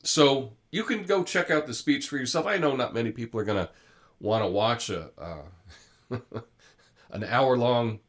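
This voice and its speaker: A man's voice: mid-range voice, lively intonation, measured pace. A man hosts a live show, reading headlines and then chatting about them in a loose, conversational way. He often stops to restart a thought, with plenty of fillers. His voice sits in the middle range for a man. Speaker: host. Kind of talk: live commentary monologue.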